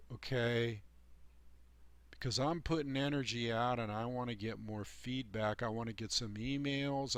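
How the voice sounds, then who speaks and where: A man's voice: medium pitch, fairly bright tone, no echo. A man hosting his own channel, delivering a rambling, preachy monologue in an emphatic, folksy way with sarcastic asides. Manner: emphatic and folksy, heavy on "you know" and "man". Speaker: channel host giving life advice.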